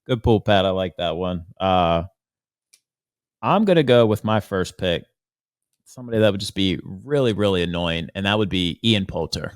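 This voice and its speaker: Low-voiced easygoing podcast producer. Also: male voice, lively intonation, normal speed, no echo, studio quality. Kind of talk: casual chat.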